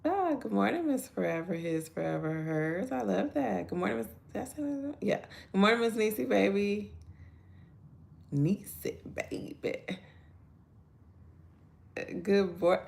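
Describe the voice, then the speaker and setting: A woman's voice: medium pitch, vocal fry. A woman hosting a casual live-stream devotional, greeting viewers by name in a chatty way. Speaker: devotional livestream host.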